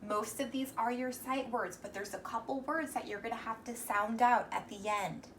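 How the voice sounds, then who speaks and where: A young woman teacher leads a reading lesson for little kids, sounding out words slowly and patiently. Her voice sits a touch high and picks up a little faint room noise, and she sits a bit back from the mic. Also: recorded from a distance.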